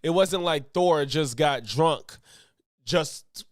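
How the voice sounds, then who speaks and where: A man's voice: on the high side, slow, no echo, clean studio sound. A man streaming a casual reaction commentary, rambling through restarts and self-corrections and laughing often.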